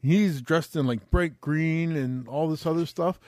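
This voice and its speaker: A man's voice: a little high, measured pace, darkish tone, no echo. A man in his forties, co-hosting a casual podcast, telling stories with plenty of profanity and exasperation. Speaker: podcast co-host. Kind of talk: casual chat.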